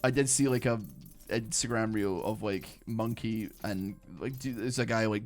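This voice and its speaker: Here a young British man offers loose live commentary on his game, talking with viewers in a rambling way full of fillers and mid-thought restarts. His pitch is on the low side and his pace moderate, with faint game music underneath.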